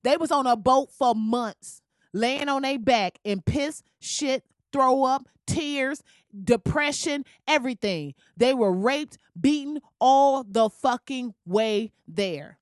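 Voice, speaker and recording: A woman's voice: sits high, slow, no echo, studio quality. Heated profane woman ranting. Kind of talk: profane rant.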